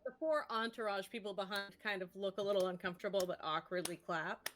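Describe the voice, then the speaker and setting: A woman narrating a tabletop game as game master, relaxed, with many fillers. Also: medium pitch, fast, noisy background.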